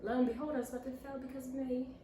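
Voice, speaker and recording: A young female vlogger with a higher voice talks very fast, answering viewer questions with animated stories in which she performs others' voices. She sits at home with a pillow in an echoey room, captured by a far-off mic with faint hiss.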